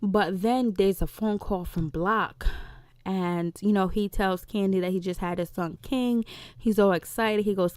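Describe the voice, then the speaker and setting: A woman talking through a reality show recap in a loose, rambling way, full of fillers and quick acted-out quotes. Her pitch sits mid-range for a woman, and the recording is dry with no room sound. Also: fairly even intonation, no room sound. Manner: rambling, filler-heavy with frequent "you know" and "so anyways"; acts out characters' lines in quick voices. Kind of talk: casual episode recap.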